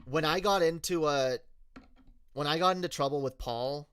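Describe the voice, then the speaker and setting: A male streamer telling a story in a candid, halting way, often restarting his sentences. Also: a little high, a bit bright, clean tone, dry recording, studio quality. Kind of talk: casual storytelling rant.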